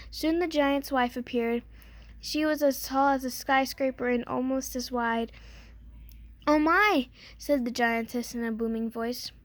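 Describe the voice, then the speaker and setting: High-voiced woman reading a fairy tale. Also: dry recording. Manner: gentle storybook reading with small slips. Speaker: storyteller. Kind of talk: fairy tale read aloud.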